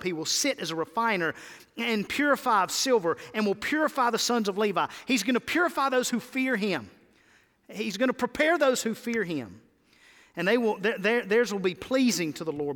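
Pastor, male, high tenor, exhorting his congregation, reverberant church. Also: fairly bright tone. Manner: rising to emphatic exhortations. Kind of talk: sermon.

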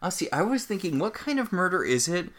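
A man's voice: sits high, sing-song, fairly quick, a bit bright. Dry, wry male podcast co-host. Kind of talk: casual recap chat.

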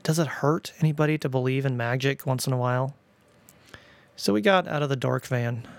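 A man hosting a podcast, telling a story in a wry, deadpan way. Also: medium pitch, brisk, vocal fry, dry recording. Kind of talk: storytelling narration.

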